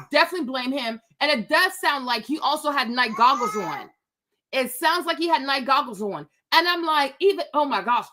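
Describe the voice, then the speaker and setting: A woman's voice: high voice, pushed and bright. A woman vlogger ranting in casual talk, exasperated and emphatic, repeating her points. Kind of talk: casual rant to camera.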